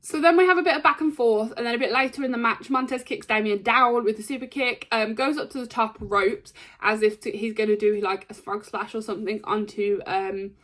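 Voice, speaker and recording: A woman giving a casual, rambling recap of a wrestling show, excitable and full of ums and likes. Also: fairly high pitch, fairly quick, hardly any pauses.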